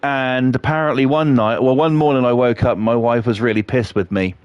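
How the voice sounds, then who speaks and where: A middle-aged man livestreams a game, casually telling rambling, sweary stories and laughing at his own jokes. His medium-pitched voice is fairly even and quick, with a clean tone in a dry, lo-fi recording.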